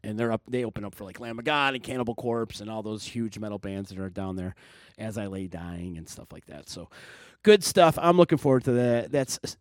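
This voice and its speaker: A man's voice: fairly low pitch, a little fast, no echo. New guy hosting a podcast, hypes events, dry close sound. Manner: energetic, plugs events loudly. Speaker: podcast host. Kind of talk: casual promo chat.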